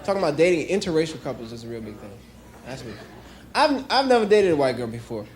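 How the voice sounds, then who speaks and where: Young stand-up comic from New York. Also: male voice, on the high side, very animated, fast talker. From New York City. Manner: conversational joke telling with bursts of acted voices. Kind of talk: stand-up comedy set. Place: comedy club stage with a laughing audience. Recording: crowd laughter and noise.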